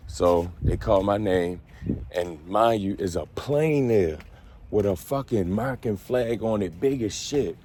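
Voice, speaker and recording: Low-voiced man telling a profane story. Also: lively intonation, measured pace, mellow, slight background noise. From Baltimore. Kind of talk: casual storytime.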